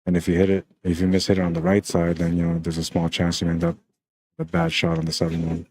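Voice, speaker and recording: A man's voice: low voice, quick pace, darkish tone, no echo. A man from Canada with a Spanish accent, giving laid-back, chatty live-stream commentary on a pool match and talking viewers through the shots.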